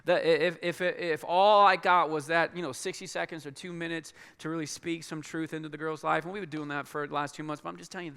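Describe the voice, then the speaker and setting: A man speaking as a pastor to his church in a large auditorium, earnest and halting, with many restarts. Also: on the high side, gravelly, bright, forceful tone, smooth. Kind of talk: church announcement and sermon. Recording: long hall reverb.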